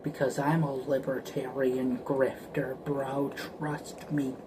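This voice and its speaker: Slow, profane rambling man. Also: medium pitch, flat delivery, noisy background. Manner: profane, stammering, repetitive. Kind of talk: casual rambling rant.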